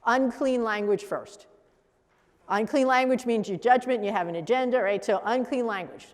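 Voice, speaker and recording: A woman teaching a coaching workshop, lively and laughing, repeating answers back to the room. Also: fairly high pitch, moderate pace, big-room sound. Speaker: coach trainer.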